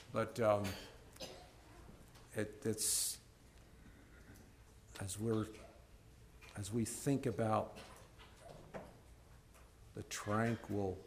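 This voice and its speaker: A man preaching a sermon to a congregation. He swings between loud, emphatic peaks and low, soft stretches, and often repeats words as he restarts. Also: a little hiss or hum.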